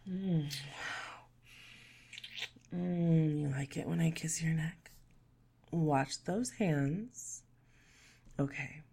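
Gravelly low woman in whispered role-play. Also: takes it slowly, long pauses. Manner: teasing, playful and bossy, with soft laughs and murmurs. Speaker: audio role-play performer.

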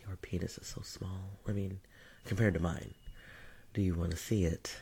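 In this whispered role-play, a man gives a dominant, mocking non-human male creature a deep, dark voice with fairly even intonation at normal speed. The delivery is breathy and taunting, broken by frequent chuckles, with slight background noise.

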